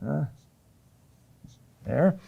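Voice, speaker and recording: A middle-aged man teaching a class on chant, speaking deliberately with many pauses and fillers. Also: phone-quality sound. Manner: slow and deliberate, with frequent "uh" pauses. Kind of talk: classroom lecture.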